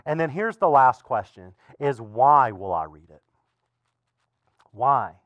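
A man preaching a sermon as pastor in a relaxed, conversational way, with frequent asides to the congregation. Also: medium pitch, takes it slowly, no echo, muffled recording. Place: church.

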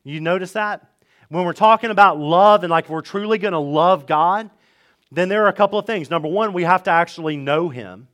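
Casual pastor with a raised voice. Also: male voice, high voice, a little fast, fairly bright tone. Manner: conversational, repeats for emphasis. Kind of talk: sermon. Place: church sanctuary.

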